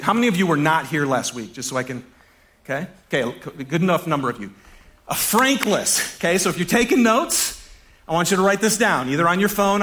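A pastor giving a casual sermon to his congregation, animated, chuckling often and repeating key phrases. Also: fairly high pitch.

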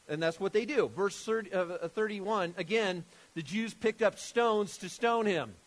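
High-voiced man preaching animatedly. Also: normal speed. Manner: animated, emphatic, rhetorical questions to the audience. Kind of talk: sermon with scripture reading.

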